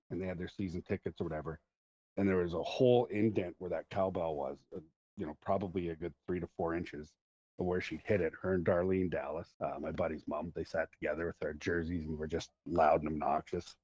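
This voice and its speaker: Low-pitched, a little mellow and with a breathy edge, a middle-aged man from Central Alberta, Canada hosts a podcast. He chats casually, telling long meandering stories and laughing, in a dull lo-fi recording.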